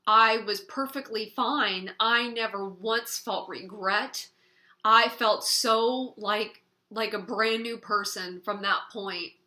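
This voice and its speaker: Speaking slowly and steadily, this young vlogger from California tells the camera a personal story in a bright, forceful mid-range voice. She performs her relatives' quoted lines along the way and sometimes grows tearful.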